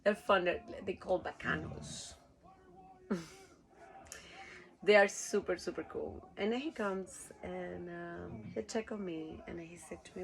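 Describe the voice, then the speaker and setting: A woman's voice: lowish voice, unhurried, creaky, rough recording. A woman from Rica, telling a rambling story casually, laughing often and swearing freely. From Costa Rica. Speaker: cruise ship worker.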